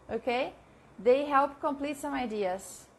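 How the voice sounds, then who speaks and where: A woman teaching a live online English lesson, chatting with viewers and repeating example sentences slowly, with frequent laughs. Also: high voice. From Brazil.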